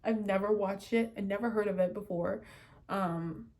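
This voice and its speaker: A woman's voice: medium pitch, fairly even intonation, normal speed, a little mellow. A young woman chatting casually about a book she read, rambling with many fillers and restarts and giggling now and then. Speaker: book vlogger. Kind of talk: casual book review chat.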